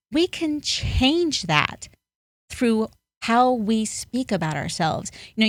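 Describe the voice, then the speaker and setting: A woman's voice: medium pitch, gravelly, no room sound, studio quality. A woman guest on a podcast, a life coach speaking in an earnest, motivational way with emphatic bursts. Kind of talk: podcast interview.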